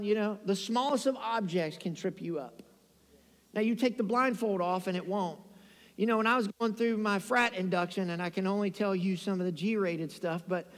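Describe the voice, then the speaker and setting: High-voiced animated preacher in a reverberant church. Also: male voice. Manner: animated storytelling preacher, calls for amens. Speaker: pastor. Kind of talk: sermon. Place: church sanctuary.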